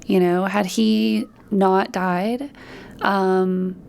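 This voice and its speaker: Woman storyteller with vocal fry. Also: medium pitch, drawn-out words, slight background noise. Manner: lively storytelling, acts out quoted dialogue. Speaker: podcast guest. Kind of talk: casual interview chat.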